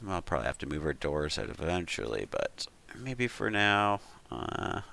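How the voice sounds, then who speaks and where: A man's voice: deep voice, very animated, moderate pace, gravelly, bright, forceful tone. A man hosting a 3D modeling tutorial, talking casually and thinking aloud with frequent ums and uhs as he talks the viewer through each step. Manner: talks the viewer through steps with "we'll" and "you could". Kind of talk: casual screen-recorded tutorial.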